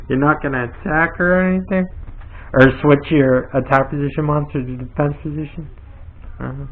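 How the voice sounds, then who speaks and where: A man's voice: on the high side, steady tone, normal speed, pauses often, narrow, tinny audio. A man giving a casual play-by-play of a card game, explaining the rules as he goes and laughing easily.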